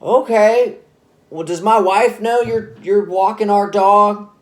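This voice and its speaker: A man's voice: sits high, fairly even intonation, takes it slowly, pitched above the performer's own voice. A man voicing an adult father and husband who talks in a casual, friendly, slightly hesitant way. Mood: wary. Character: adult father and husband, easygoing then wary.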